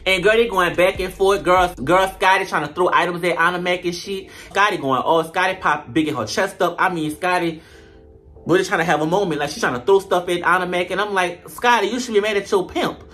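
A man doing a comedic reality-TV recap, sassy, profane and animated, full of slang. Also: high-pitched, fairly quick, faint music behind. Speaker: show reviewer.

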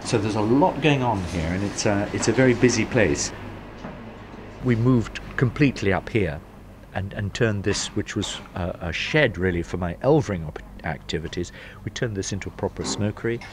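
A middle-aged man, a smokery owner, telling his story in a lively, chatty way. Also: lowish voice, moderate pace, background noise. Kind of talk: anecdotal storytelling.

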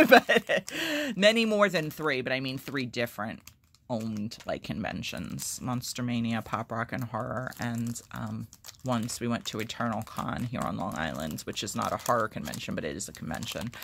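A woman vlogger talks to her phone camera at home while opening mail. She rambles cheerfully and gets excited over each little gift. Now and then she turns the jokes on herself. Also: rumbling low, moderate pace, creaky, a little hiss or hum. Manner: self-deprecating humor. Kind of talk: casual chat to camera.

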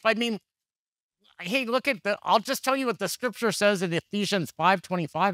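A man's voice: high-pitched, normal speed, pushed and bright, no echo, studio quality. A man preaching a conversational sermon, telling candid, jokey stories and acting out the dialogue. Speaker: pastor.

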